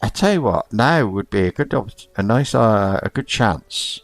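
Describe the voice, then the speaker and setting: A man's voice: on the low side, expressive, moderate pace, faint music behind. A man casually commentating as he plays an online role-playing game, muttering to himself, thinking aloud and spelling out words into a desk microphone. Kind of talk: casual let's-play commentary.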